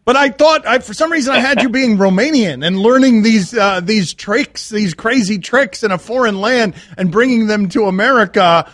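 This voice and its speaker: A man hosting a sports radio show, with a voice that sits high for a man. He talks in an excitable, hyped-up way. The studio sound is dry and close. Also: moderate pace, hardly any pauses, no room sound. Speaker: radio host.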